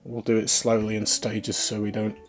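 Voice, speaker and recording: A man's voice: on the low side, completely flat delivery, normal speed, faint music behind. A man chatting casually on a live stream as he works, thinking aloud and talking to his viewers.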